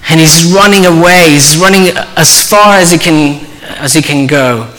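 A man preaching a sermon, telling a story earnestly and dropping to a soft voice for quoted speech. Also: a little high, moderate pace. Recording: long hall reverb.

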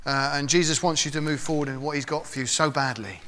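A man gives a casual, conversational sermon in a fairly high, bright voice. He slips into little voices and spoken prayers as he goes. A long hall echo trails his words. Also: fast, a little hiss or hum. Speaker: preacher. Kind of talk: informal sermon.

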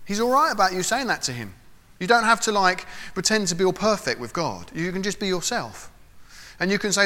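A man's voice: high voice, big pitch swings, brisk, bright, forceful tone, big-room sound. A man preaching an informal sermon, talking conversationally and acting out short voices and prayers.

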